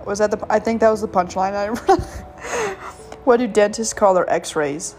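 A woman's voice: medium pitch, moderate pace, a little mellow, soft background music. A woman hosting a casual solo podcast, reading jokes aloud with frequent giggles and stumbling over the punchlines. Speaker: podcast host.

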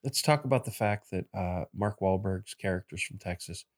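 Earnest, stammering lower-voiced man. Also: moderate pace, no room sound, studio quality. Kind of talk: casual chat.

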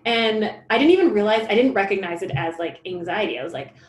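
A woman's voice: mid-range voice, fast. A woman talking in a casual, rambling chat, full of fillers and restarts. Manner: rambling, filler-heavy, animated. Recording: roomy echo.

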